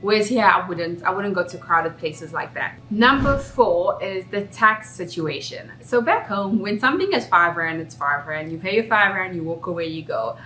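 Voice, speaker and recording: A woman's voice: fairly low pitch, expressive, normal speed, hardly any pauses, bright, forceful tone, slight background noise. A young South African woman with a South African accent, talking candidly and reflectively in a chatty vlog. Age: young adult. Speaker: vlogger. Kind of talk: casual vlog talk. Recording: roomy echo, faint background music.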